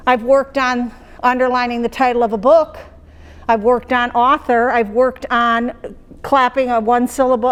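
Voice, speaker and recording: A woman with a fairly high voice walks fellow teachers through how she teaches phonics. She talks in a loose, conversational way and checks in often with her listeners. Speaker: teacher trainer. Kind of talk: explaining classroom phonics practice.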